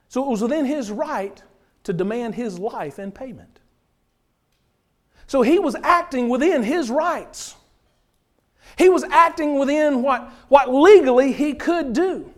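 High-voiced preacher. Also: male voice. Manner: earnest, explaining scripture verse by verse. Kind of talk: sermon.

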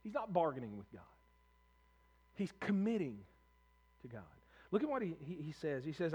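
A man's voice: a little high, very animated, normal speed, pauses often, darkish tone, husky. A man preaching a sermon, earnest and emphatic, acting out prayers in the first person and repeating words as he builds a point.

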